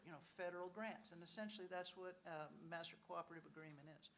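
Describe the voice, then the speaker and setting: A woman's voice: fairly low pitch, fast talker, hardly any pauses, a bit bright, a little hiss or hum. A woman speaking as a panelist at a conference. She talks conversationally, often says "you know", and acts out what officials might say. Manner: frequent "you know" asides. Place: conference hall.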